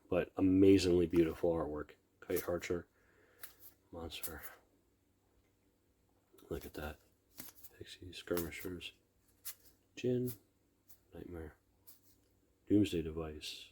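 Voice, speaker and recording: A middle-aged man opening card decks at a table, talking slowly in a low, unhurried voice. He murmurs item names half to himself and breaks into admiring comments, often trailing off before he finishes a thought. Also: mellow, slightly rough. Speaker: card collector opening packs. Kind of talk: casual unboxing commentary.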